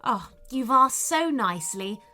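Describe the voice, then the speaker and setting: A woman's voice: a little high, lively intonation, a little slow, sharp tone, soft background music. A woman voicing a friendly, obliging woodpecker in a children's storybook. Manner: friendly, agreeable.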